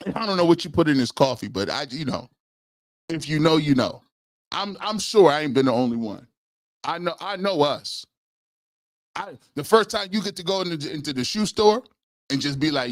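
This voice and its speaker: Man, forties, sports show host, playful storyteller who does voices, bit high, dry close mic. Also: normal speed, no echo. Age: 40s. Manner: animated, acts out voices in his stories. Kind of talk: live-stream sports talk, comedic storytelling.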